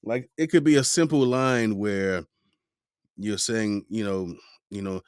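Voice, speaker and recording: Slow-talking low-voiced male podcast host. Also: clean tone, no echo, clean studio sound. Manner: animated, mimics voices in anecdotes. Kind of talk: casual interview chat.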